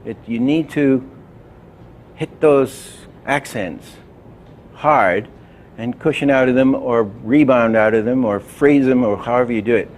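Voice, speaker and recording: A man's voice: mid-range voice, fairly even intonation, moderate pace, hardly any pauses, darkish tone, slight background noise. A man explaining animation timing and doing little sound effects as he demonstrates. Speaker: animation teacher. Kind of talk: instructional demonstration.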